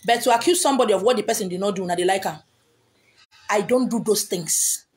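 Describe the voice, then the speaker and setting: A woman's voice: mid-range voice, quick pace, a little mellow. A Nigerian woman talking to her followers as a spiritual teacher, emphatic and repetitive, slipping into Pidgin and Igbo. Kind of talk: social media talk.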